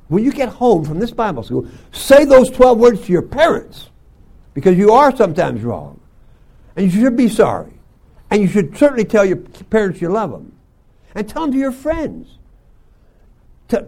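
Gravelly older man preaching to youth. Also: high-pitched, sing-song, normal speed, darkish tone. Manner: folksy storytelling with frequent throat clearing. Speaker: Bible school teacher. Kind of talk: sermon to young students.

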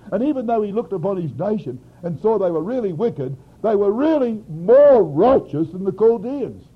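A man preaching an expository sermon, swinging from loud emphasis to quiet asides. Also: high voice, breathy edge. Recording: dull lo-fi sermon recording.

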